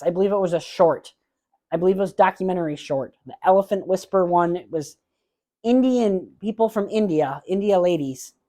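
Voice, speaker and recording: A man hosting a solo movie podcast, chatting casually and giving blunt opinions with frequent filler pauses. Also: high voice, mellow. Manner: openly emotional about awards moments.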